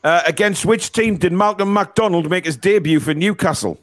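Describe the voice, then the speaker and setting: A man's voice: high voice, moderate pace. A man hosting a casual quiz on a live stream, swearing and teasing the callers as he reads the questions. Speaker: quiz host.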